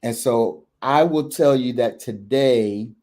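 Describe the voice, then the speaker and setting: A man's voice: mid-range voice, takes it slowly, dark tone. A man, a men's coach hosting a candid talk, earnest and reflective, often restarting and checking in with "right?". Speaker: men's coach and podcast host.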